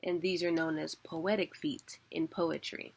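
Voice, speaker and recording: A woman teaching an online class, talking slowly and patiently. Her voice sits a little low and has a gravelly edge. She explains in a casual way, with some filler words along the way. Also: little pitch movement, a little mellow, slight background noise. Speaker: poetry teacher.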